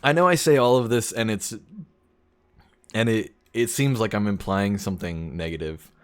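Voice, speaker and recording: A man's voice: lowish voice, moderate pace, smooth. A young man streaming a game, chatting casually and rambling, often chuckling at his own jokes. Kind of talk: casual gameplay commentary.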